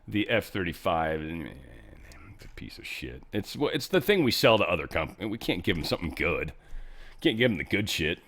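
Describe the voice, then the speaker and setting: A man's voice: low-pitched, sing-song, a little fast, a bit bright. Blunt, profane male commentary host. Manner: blunt, profane, rambling asides. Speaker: show host. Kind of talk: casual political commentary.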